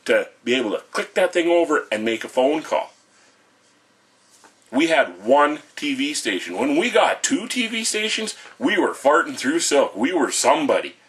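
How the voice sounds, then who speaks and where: A man's voice: mid-range voice, husky. A middle-aged man, delivering an angry, profane rant to camera in a blunt, lecturing way.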